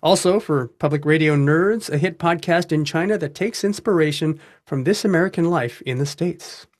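A man hosting a public radio interview, asking questions in a measured, conversational way. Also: fairly high pitch, no room sound, studio quality. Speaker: radio host.

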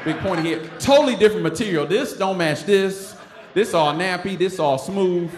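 A man, a stand-up comic telling a funny story live on stage, animated and laughing as he acts out other voices. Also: high-pitched, normal speed. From Detroit. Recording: roomy stage sound with noise.

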